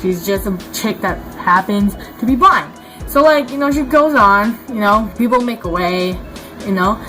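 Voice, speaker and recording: A woman's voice: mid-range voice, lively intonation, normal speed, bright, forceful tone. A young woman vlogging a casual rant to camera, swearing freely and filling her talk with likes and you knows. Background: faint background music.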